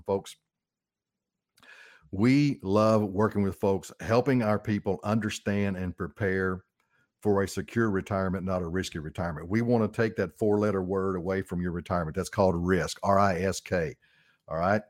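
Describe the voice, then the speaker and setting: A man's voice: low-pitched, fairly even intonation, moderate pace, dry recording, clean studio sound. A middle-aged man with an Arkansas Southern accent, hosting a radio financial talk show in a folksy, upbeat way.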